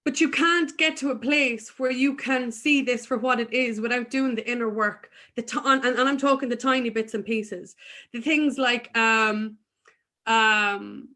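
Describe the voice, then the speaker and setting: A woman's voice: a little high, pushed and bright. A woman guest in an earnest, emphatic spiritual conversation, speaking candidly about her own inner work.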